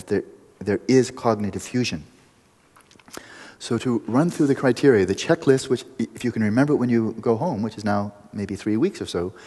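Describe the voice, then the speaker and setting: Husky-voiced man teaching meditation, playful asides, long hall echo. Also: medium pitch, darkish tone. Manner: playful, joking asides within instruction. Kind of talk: retreat teaching talk.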